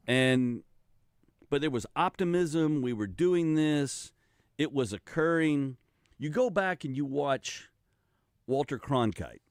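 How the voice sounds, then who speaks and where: A man's voice: medium pitch, no room sound, clean studio sound. An older man hosting a radio talk show, talking casually in a rambling way with many restarts. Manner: rambling, animated, with frequent restarts and laughs. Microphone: studio microphone.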